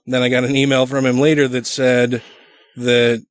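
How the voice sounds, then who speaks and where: A man's voice: medium pitch, little pitch movement, normal speed, no echo. A man co-hosting a casual podcast, bantering and swearing freely. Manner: profane, laughing banter. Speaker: podcast co-host.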